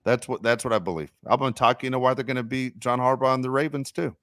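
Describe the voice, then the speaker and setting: A man hosting a casual sports podcast, rambling and animated, with mock-complaining asides. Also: medium pitch, fast talker, no echo, studio quality. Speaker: podcast host.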